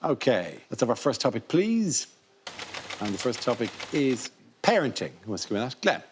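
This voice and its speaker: A man hosting a comedy panel show, announcing rounds in a brisk, formal way. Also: medium pitch, sing-song, a little hiss or hum. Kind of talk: scripted hosting.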